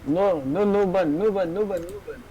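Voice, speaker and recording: A man's voice: high voice, moderate pace, highs cut off, noisy background, pitched above the performer's own voice, natural voice. A man putting on a mocking voice of a whiny teammate who keeps begging. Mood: pleading. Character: whiny pleading male teammate, mocked.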